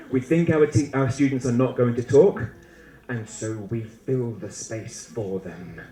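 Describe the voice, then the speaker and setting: A man giving a lively, humorous conference talk to teachers, acting out little classroom scenes as he goes. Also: medium pitch, takes it slowly, long pauses, crowd noise. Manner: animated, humorous, acts out student and teacher voices. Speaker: conference speaker. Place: lecture hall. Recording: echoey lecture hall.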